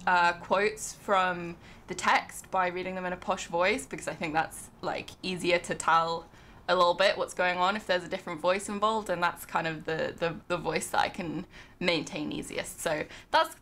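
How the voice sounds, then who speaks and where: A woman's voice: mid-range voice, a bit bright. Chatty young woman streamer reading aloud. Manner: casual and chatty, with frequent ums and restarts. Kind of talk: livestream chat and reading a nonfiction book aloud. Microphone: desk microphone.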